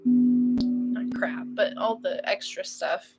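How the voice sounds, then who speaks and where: A woman's voice: mid-range voice, slow pace, creaky, in a whisper, over loud music. A tired woman hosting a casual livestream at home, rambling, laughing often and swearing casually as she talks. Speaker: livestream host.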